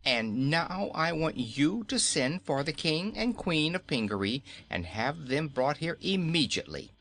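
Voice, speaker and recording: A man's voice: on the high side, sing-song, a little slow, fairly bright tone, voice pushed up, exaggerated voice. A man voicing a bold, indignant little girl who scolds firmly. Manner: scolding, firm.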